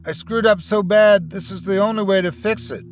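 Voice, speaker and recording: A man's voice: high voice, moderate pace, soft background music, voice pushed up, natural voice. A man voicing a guilt-ridden, despairing man who mumbles.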